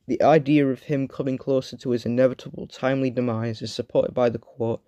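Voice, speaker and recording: A man reads his own review script in a flat, bored way, with a sore throat. He often trails off mid-sentence, stumbles, and starts again. His voice is mid-pitched, close and very dry, with no room sound. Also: a little fast, no room sound, dull audio. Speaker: video reviewer.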